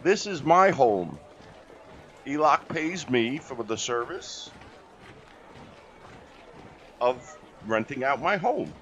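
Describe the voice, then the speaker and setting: A man voicing a small, sly male goblin who rents out his home, talking loudly and mockingly. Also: medium pitch, very animated, takes it slowly, dull audio, slight background noise, pitched above the performer's own voice. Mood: brash. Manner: brash and mocking, loud and raised.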